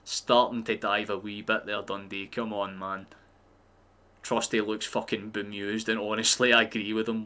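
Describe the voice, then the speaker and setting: A man's voice: fairly low pitch, flat delivery, normal speed, sharp tone. A man streaming a live football watchalong, chatting casually and swearing freely as he reacts to the match.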